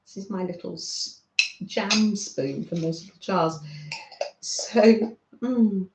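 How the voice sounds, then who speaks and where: A woman's voice: mid-range voice, slow, background noise. British woman, livestream host, chatty and leisurely, in a roomy room. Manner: chatty, reads out viewer comments, laughs often. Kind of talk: casual livestream chat.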